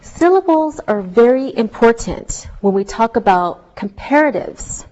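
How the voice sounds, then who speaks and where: A woman teaching a scripted English lesson, speaking slowly and carefully so learners can follow each word. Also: fairly high pitch, lively intonation, darkish tone, highs cut off. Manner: slow, clearly spelled-out teaching delivery.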